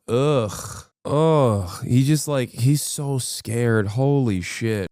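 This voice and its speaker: Speaking extremely slowly in a dark, mid-range voice, a thirtysomething streamer reacts to clips with profane, disbelieving rants. The studio-clean audio has no echo.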